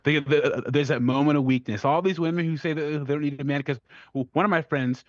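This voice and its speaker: A man's voice: a little high, steady tone, a little fast, dry recording. A man co-hosting a call-in show, lecturing in an opinionated way and stumbling over repeated words. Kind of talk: casual talk-show commentary. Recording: dry, dull audio.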